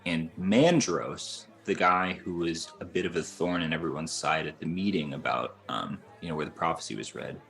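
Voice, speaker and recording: Very deep-voiced man chatting about books. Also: moderate pace, creaky, few pauses, a bit bright, soft background music. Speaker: book podcast co-host. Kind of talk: casual book discussion.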